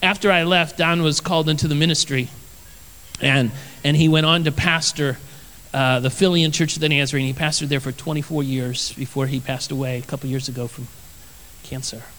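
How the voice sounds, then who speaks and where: A man's voice: on the high side, steady tone, a little fast, fairly bright tone, big-room sound, rough recording. A man, a pastor, preaching a sermon. He tells personal stories earnestly and with energy, and he repeats his phrases for emphasis.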